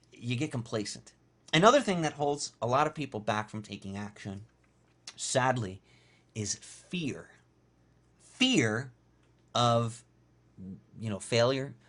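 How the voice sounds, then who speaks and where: A man's voice: a little high, a bit bright. Emphatic motivational man. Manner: emphatic, repeats phrases for effect. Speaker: motivational business coach. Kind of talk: motivational talk recapping a webinar.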